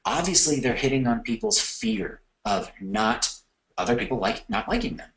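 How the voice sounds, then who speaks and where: A man's voice: mid-range voice, sing-song, normal speed, fairly bright tone, rough recording. A man giving a recorded course lecture, talking conversationally with fillers and self-corrections. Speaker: course instructor.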